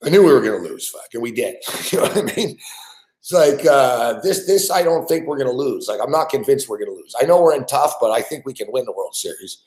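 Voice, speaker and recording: A man's voice: medium pitch, expressive, brisk, reverberant, low-quality recording. A man hosting a sports betting show, ranting with constant swearing and frustration while he follows a live game. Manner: swears constantly, frustrated and exasperated, shouting at players. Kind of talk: profane live sports rant.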